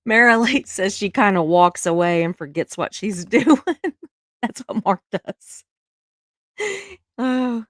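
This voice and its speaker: A woman's voice: mid-range voice, slow pace, long pauses, no echo, studio quality. A middle-aged woman, hosting a casual livestream and reading viewer comments in a chatty, emotional way with frequent laughs. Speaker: live stream host reading viewer comments. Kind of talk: casual chat.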